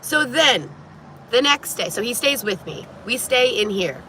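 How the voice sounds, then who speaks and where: Woman, vlogger, bright voice, rambling casual storytelling, lots of restarts, inside a van. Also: fairly high pitch, expressive, unhurried, slight background noise, rough recording.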